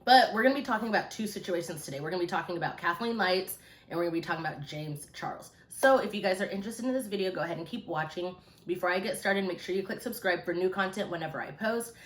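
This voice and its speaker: Female vlog host, lower voice, casual rambling chit-chat, phone mic, echoey room. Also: quick pace, hardly any pauses. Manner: relaxed, rambling, many fillers. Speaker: YouTube commentary host.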